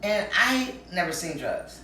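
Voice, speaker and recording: A woman from Texas telling a candid story about her own life, frankly and with lively quoted voices. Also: lowish voice, measured pace, a little hiss or hum. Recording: very echoey room, mic far off.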